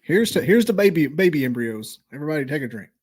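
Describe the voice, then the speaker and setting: A man's voice: a little high, big pitch swings, quick pace, darkish tone, breathy edge. A man guesting on a casual podcast, joking, laughing and thinking aloud as he picks.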